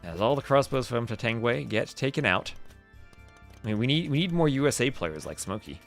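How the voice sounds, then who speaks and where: A man's voice: mid-range voice, very animated, moderate pace. A young man from New Jersey with a New Jersey accent, casting a strategy game live and chatting with viewers between plays. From New Jersey, USA. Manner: chatty, answers chat between play calls, laughs often. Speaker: game caster. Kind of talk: live-stream game commentary. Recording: game music behind the voice. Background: game music.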